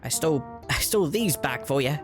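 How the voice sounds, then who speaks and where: A man voicing a friendly, scrappy male Mogma treasure hunter from a video game, streetwise and chummy, reading the dialogue aloud with a lively lilt. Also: a little high, fairly quick, over music, close to an everyday voice. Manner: chummy, streetwise, calls everyone pal.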